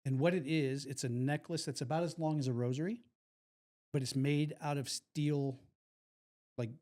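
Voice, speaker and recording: Rambling male podcast host, slightly high. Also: steady tone, moderate pace, warm tone. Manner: rambling, repeats himself, upbeat. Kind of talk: casual live podcast chat.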